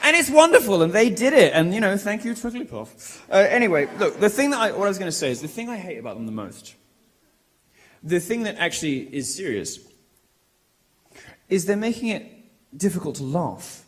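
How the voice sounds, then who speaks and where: A British man giving a provocative, mocking live speech to a college crowd in a large, lively room, delivering it loudly and with projection. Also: sits high, normal speed, slight background noise. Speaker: public speaker.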